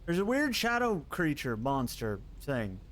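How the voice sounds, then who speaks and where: A man streaming live gameplay, chatting casually with his viewers, quick to laugh and curse at what happens on screen. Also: fairly high pitch. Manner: excitable, laughs and swears at the game.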